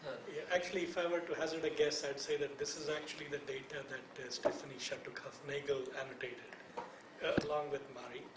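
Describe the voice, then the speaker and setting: A man in the audience joining the discussion in a quick conversational way. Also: a little high, flat delivery, reverberant, background noise. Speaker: audience member. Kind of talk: discussion at a lecture.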